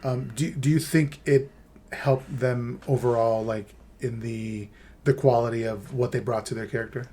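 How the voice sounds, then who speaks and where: A male podcast host with an average, mid-range voice. He asks follow-up questions, often searching for words, and answers his guest with brief agreements. The talk is relaxed and unscripted. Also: medium pitch, moderate pace. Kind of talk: casual podcast interview.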